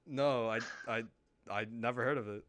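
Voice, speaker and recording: A man's voice: medium pitch, moderate pace, a bit bright. A man hosting a casual voice-chat stream, teasing his guests, stammering and laughing often. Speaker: streamer host.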